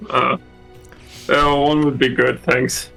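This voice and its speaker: A man playing a character in a live tabletop game, hesitant and soft-spoken. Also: mid-range voice, little pitch movement, slow, gravelly, faint music behind. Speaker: player.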